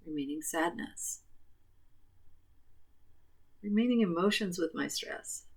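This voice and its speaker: A woman coaching a guided tapping session, calmly repeating affirmations. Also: lowish voice, takes it slowly, slightly rough. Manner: calm, repetitive affirmation phrasing.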